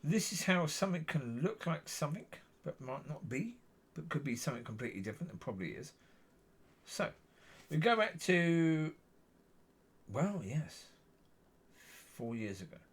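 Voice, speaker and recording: Man, low and gravelly, husky tone, lively pitch swings, meandering faith vlog monologue. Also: moderate pace. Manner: meandering, repeats himself, frequent self-corrections. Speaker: Christian vlogger. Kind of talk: rambling personal testimony.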